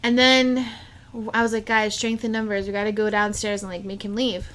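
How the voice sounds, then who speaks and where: A young woman co-hosting a podcast tells a story in casual, animated chat, saying "like" constantly. Her voice is medium-pitched and brisk.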